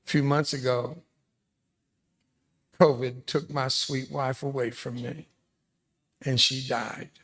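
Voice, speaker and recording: A man's voice: medium pitch, steady tone, slow, long pauses, fairly bright tone. A man in his seventies, a veteran guest speaker telling stories to students in a school hall, full of self-deprecating jokes. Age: 70s. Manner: joking, self-deprecating storyteller. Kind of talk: storytelling speech to students.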